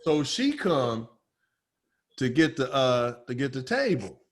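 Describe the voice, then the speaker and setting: A man's voice: medium pitch, sing-song, takes it slowly. A man co-hosting a podcast, telling a story in casual chat full of profanity and slang. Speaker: podcast co-host.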